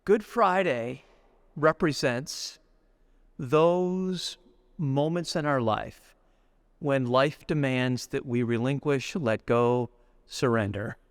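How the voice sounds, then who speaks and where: A middle-aged man giving a spiritual retreat reflection, deliberate and storytelling, slowing down to linger on lists of words. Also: mid-range voice, clear, resonant tone, no echo, clean studio sound. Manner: storytelling, acts out everyday speech. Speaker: retreat speaker.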